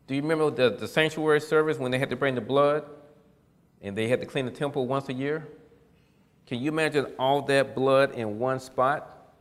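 A man preaching a casual, folksy sermon, animated and quick to laugh at his own points. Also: medium pitch, big-room sound.

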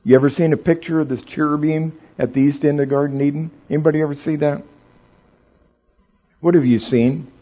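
A man preaching a sermon, swinging from hushed storytelling to loud, exclaiming emphasis, and asking the audience questions. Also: fairly high pitch, steady tone, brisk, lo-fi sound.

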